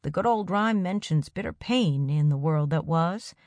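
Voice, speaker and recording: A woman voicing a kind male village teacher who speaks gently and softly, then stammers when he is uneasy. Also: fairly low pitch, lively intonation, normal speed, no room sound, natural voice. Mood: gentle. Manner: gentle, soft, stammering under strain.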